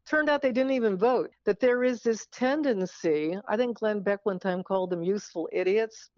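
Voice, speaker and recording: A woman guest on a radio interview, speaking in an opinionated way with halting restarts. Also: medium pitch, darkish tone, dry recording, highs cut off. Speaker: author guest.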